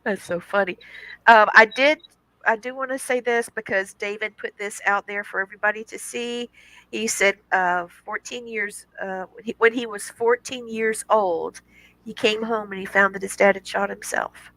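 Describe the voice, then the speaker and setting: Woman host, animated storyteller, bright tone, dry sound. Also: medium pitch, moderate pace, dry recording, low-quality recording. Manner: animated storyteller, laughs often. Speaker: podcast host. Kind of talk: casual chat.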